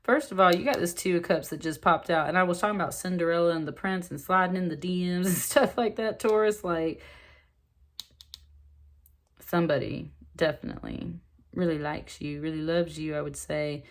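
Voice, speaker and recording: A woman giving a casual spoken tarot reading, chatty and excitable, full of fillers and asides. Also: fairly low pitch, moderate pace. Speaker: tarot reader.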